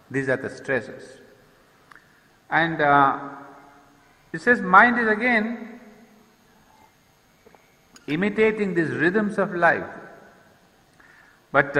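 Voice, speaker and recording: A man giving an explanatory lecture, reading verse lines slowly and then explaining them with hesitant restarts. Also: on the high side, pushed and bright. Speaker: lecturer on poetry and yoga. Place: lecture hall. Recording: long reverb of a hall.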